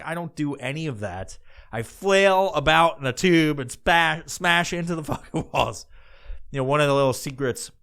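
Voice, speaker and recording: A man's voice: on the high side, a bit bright, clean tone. Foul-mouthed man rambling through a comic story. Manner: crude, profanity-laden, rambling. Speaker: podcast host.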